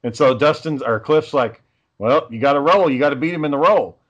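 A man's voice: on the high side, fairly quick, highs cut off. A man telling rambling, profane stories in casual chat with friends.

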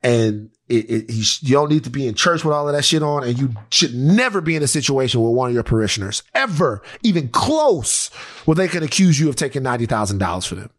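A male podcast co-host from Louisiana telling a story in casual, animated chat, swearing freely. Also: mid-range voice, quick pace.

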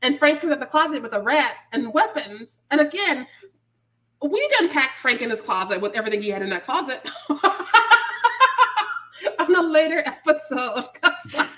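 A woman's voice: high-pitched, lively intonation, moderate pace, a bit bright. A woman co-hosting a podcast, chatting casually about a movie, laughing often and acting out the characters. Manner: laughs often, acts out characters in mock voices. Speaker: podcast co-host. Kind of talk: casual movie review chat.

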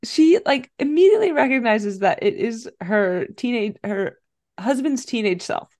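High, lively woman retelling a movie. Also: moderate pace. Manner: animated, profane retelling. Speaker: podcast co-host. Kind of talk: casual chat recapping a film.

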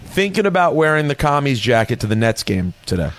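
A man's voice: mid-range voice, sing-song, brisk. A man hosting a sports talk show, chatty and jokey, reading out news items between banter.

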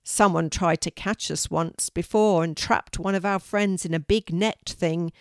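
A woman's voice: lowish voice, fairly even intonation, unhurried, no room sound, studio quality. An older woman voicing a sneering big one-eyed male stray cat who leads a gang, in a storybook reading. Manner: sneering, gruff.

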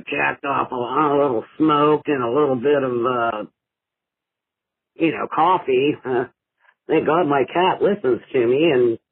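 An older man from Ohio leaving a laid-back, rambling voicemail, full of drawn-out uhs and small laughs. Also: mid-range voice, slightly rough, no room sound, narrow, tinny audio. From Ohio, USA. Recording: phone voicemail.

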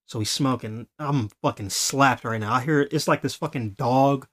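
A man hosting a podcast, telling a story in a casual, animated way. He laughs often and acts out the voices of the people he quotes. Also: mid-range voice, moderate pace. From Los Angeles. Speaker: podcast host.

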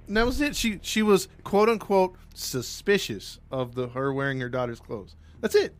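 A man's voice: high voice, animated, normal speed, hardly any pauses. A man casually telling a true-crime story as a podcast host, rambling with lots of fillers.

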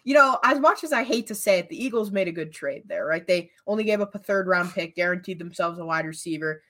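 A woman's voice: on the low side, expressive, fast talker, hardly any pauses, fairly bright tone. A woman co-hosting a casual sports podcast, blunt and heated in her opinions. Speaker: podcast co-host.

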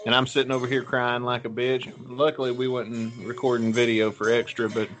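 A man's voice: medium pitch, little pitch movement, a little fast, fairly bright tone, soft background music, low-quality recording. A man co-hosting a podcast in casual chat, with loose, profane, laughing banter over a video call. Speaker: podcast co-host.

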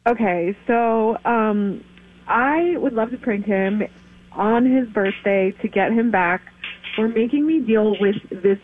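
Excited woman caller on a tinny phone line. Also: fairly high pitch, slow. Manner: excited, giggly. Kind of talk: phone call with a radio host.

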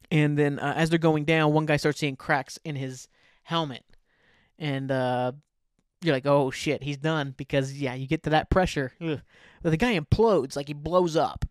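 A man's voice: a little high, a little mellow, no echo, clean studio sound. A man hosting a solo podcast, ranting about bad movies in a profane, sarcastic, rambling way. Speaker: podcast host. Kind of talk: casual solo movie rant.

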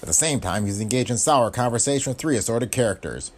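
A man narrating a hardboiled pulp detective story in a wry, brisk first-person delivery full of tough-guy slang. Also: mid-range voice, lively intonation. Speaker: audiobook narrator.

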